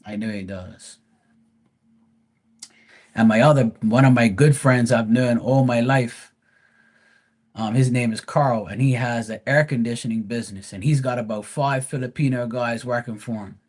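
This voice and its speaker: A male live-stream host telling a casual anecdote at an ordinary pitch. He talks bluntly and swears freely. He rambles, restarts sentences and circles back as he goes. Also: normal speed, a little mellow.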